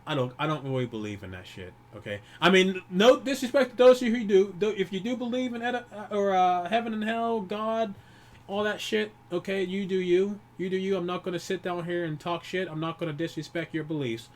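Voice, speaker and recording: A man grieving while talking alone to the camera, rambling and swearing often, with many restarts and pauses. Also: high-pitched. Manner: profane, rambling, frequent restarts. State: grieving, holding back tears. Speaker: YouTuber. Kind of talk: personal vlog monologue.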